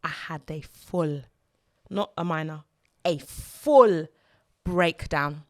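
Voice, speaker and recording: A woman co-hosting a podcast, telling a personal story in an earnest, halting way, repeating words as she gathers herself. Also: sits low, no echo, clean studio sound. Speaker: podcast co-host and mother.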